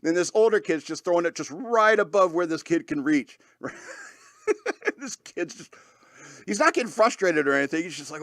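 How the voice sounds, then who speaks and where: A man's voice: on the high side, expressive, normal speed, a bit bright, dry recording, studio quality. A man hosting a talk radio show, rambling in a casual monologue with lots of fillers and frequent laughs.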